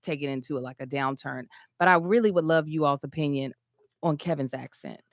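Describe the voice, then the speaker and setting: Fast-talking woman teasing her co-hosts. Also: low voice, dry recording, studio quality. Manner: teasing, quick reactions. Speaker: podcast co-host. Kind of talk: casual chat.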